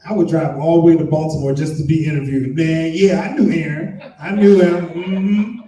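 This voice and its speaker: Male stand-up emcee, high voice, playful crowd banter, live room heard from a distance. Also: fairly even intonation, normal speed, warm tone. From Maryland. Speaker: comedian and emcee. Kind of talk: stand-up comedy. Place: live comedy venue with an audience. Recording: roomy echo, mic heard from a distance.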